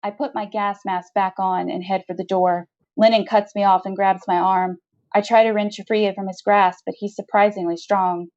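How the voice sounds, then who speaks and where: A woman author reading her own first-person short story in a steady, measured narration, heard on a slightly dull lo-fi recording. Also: medium pitch.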